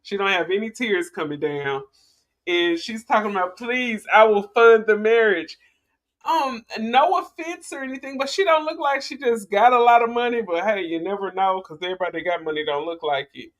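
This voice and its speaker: A woman with a mid-range voice talks fairly quickly while hosting a casual commentary vlog. She rambles chattily to her viewers, often restarting and laughing.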